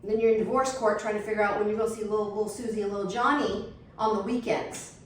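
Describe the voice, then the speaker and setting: A middle-aged woman, telling a blunt, animated story while setting a table. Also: mid-range voice, fast talker, far from the mic, slight background noise. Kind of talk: casual storytelling chat. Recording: echoey room, voice from off the mic.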